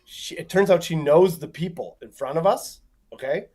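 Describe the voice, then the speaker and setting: A comedian guest on a talk show tells a story with lots of energy, swearing and acting out the voices of the people in it. His voice is a little high and slightly rough, and he talks at a normal speed.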